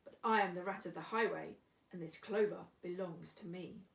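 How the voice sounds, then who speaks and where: A woman reading aloud, voicing a greedy, bullying male rat highwayman who chants his loud demands. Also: moderate pace, vocal fry, far from the mic. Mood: bossy. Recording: echoey room, away from mic.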